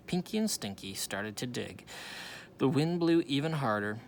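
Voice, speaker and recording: A man reads a children's storybook aloud in an animated way, with a lively, swinging pitch. He stumbles now and then and corrects himself. Faint noise sits behind him. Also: moderate pace. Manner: animated, with small slips and self-corrections. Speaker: reader.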